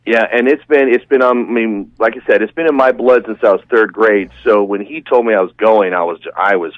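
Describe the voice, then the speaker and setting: A man's voice: on the low side, brisk, dry recording. Man telling a rambling story, dull audio. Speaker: guest. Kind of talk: casual storytelling in a podcast chat. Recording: dull, dry, lo-fi sound.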